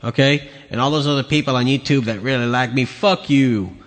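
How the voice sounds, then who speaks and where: A man's voice: medium pitch, brisk. Angry, profane ranting man. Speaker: podcast host. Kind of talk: ranting commentary on video clips. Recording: long hall reverb.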